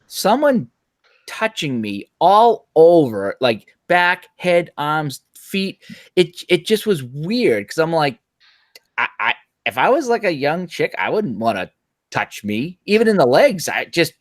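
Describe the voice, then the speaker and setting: Man, casual chat guest, stammering storyteller, animated voice, dry sound. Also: a little high, a little slow, no echo. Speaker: regular guest.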